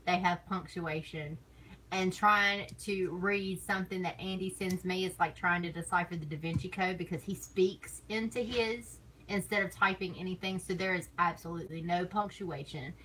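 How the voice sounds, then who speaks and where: A woman's voice: lowish voice, normal speed, fairly bright tone, slight background noise, low-quality recording. A woman streamer chatting casually on stream, rambling and teasing, laughing often between thoughts. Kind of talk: casual chat.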